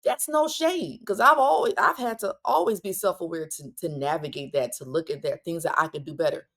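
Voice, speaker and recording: A woman hosting a solo parenting podcast, talking directly and bluntly to listeners, with quick asides and restarts. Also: lowish voice, a bit bright. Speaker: podcast host.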